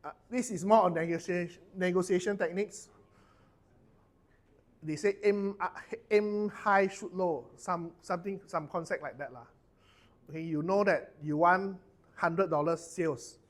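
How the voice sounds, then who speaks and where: A man's voice: high voice, a little slow. A middle-aged man with a Malaysian English accent leading a corporate training workshop, chatty and loose, dropping lah and lor at the end of his sentences.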